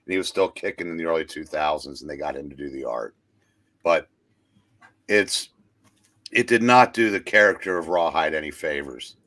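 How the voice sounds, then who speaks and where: A man's voice: very deep voice, normal speed, pauses often, a bit bright. A man co-hosting a casual live-stream chat about comics, rambling and joking as he explains. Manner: rambling, jokey. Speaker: co-host.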